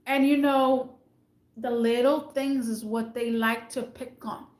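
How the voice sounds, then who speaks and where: A woman's voice: a little high, fairly even intonation, takes it slowly, a little mellow. Indignant woman ranting in an echoey room. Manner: emphatic and indignant, repeats points. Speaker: retail worker venting about managers. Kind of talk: casual vlog rant to camera.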